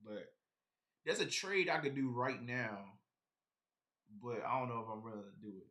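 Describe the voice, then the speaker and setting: A man's voice: mid-range voice, expressive, moderate pace, pushed and bright. A man chatting casually on a live stream about his sneaker collection, rambling and talking straight to his viewers.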